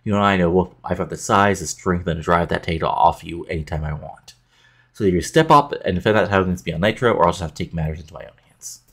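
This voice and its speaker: A hulking male bully wrestler making threats, as a man puts him on in a game playthrough. The voice is low and the talk fast and pushy. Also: husky. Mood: threatening.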